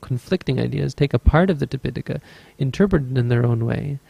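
A man's voice: mid-range voice, quick pace, gravelly, warm tone, breathy edge, no echo. A man teaching as a Buddhist meditation teacher, telling a story in a dharma talk with an easygoing, rambling manner and frequent self-corrections.

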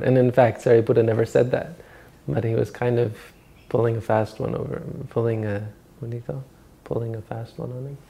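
A man giving an informal Buddhist dharma talk as a monk teacher, rambling and halting with many restarts and self-corrections. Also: medium pitch, level tone, gravelly, mellow.

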